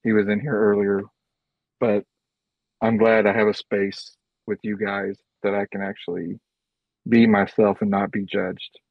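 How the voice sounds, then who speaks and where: Low flat-voiced man, muffled sound. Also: a little slow, creaky, dry recording. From Oklahoma. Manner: rambling, gropes for words. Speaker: podcast guest. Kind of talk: casual chat.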